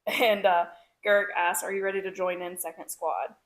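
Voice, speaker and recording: A woman's voice: lowish voice, steady tone, moderate pace. A woman co-hosting a book club podcast, reading favorite quotes aloud between bursts of laughter. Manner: reads quotes aloud, giggly. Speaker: podcast co-host. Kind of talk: casual book club chat.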